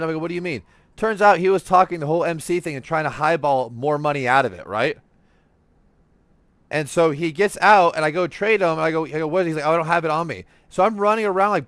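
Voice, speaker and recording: A man hosting a gaming podcast, telling stories in casual, profane, animated chat while he plays. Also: on the high side, fairly quick, no room sound. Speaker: streamer and podcast host.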